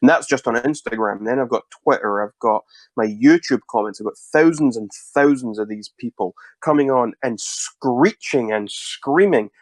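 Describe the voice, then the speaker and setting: Deadpan mock-serious man, dry close sound. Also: mid-range voice, moderate pace, dry recording. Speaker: interviewee. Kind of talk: deadpan satirical interview answers.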